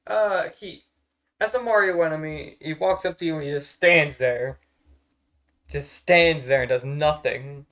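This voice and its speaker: A man's voice: on the high side, measured pace, a bit bright. A man streaming from home, chatting casually in a rambling, profane way and getting exasperated easily. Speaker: streamer ranking characters on a tier list. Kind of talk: casual live-stream chat.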